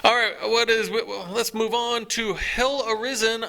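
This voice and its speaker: A man co-hosting a casual podcast chat about movies and comics, rambling and halting with many restarts. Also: very high voice, fairly even intonation, vocal fry, pushed and bright. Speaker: podcast co-host.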